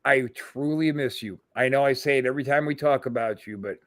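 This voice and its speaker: A man's voice: mid-range voice, a little fast, a bit bright, no room sound, studio quality. A middle-aged man hosting a casual podcast, telling profane stories and quoting people in their voices. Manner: profane, storytelling with quoted voices. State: throat tightening with emotion. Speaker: podcast host.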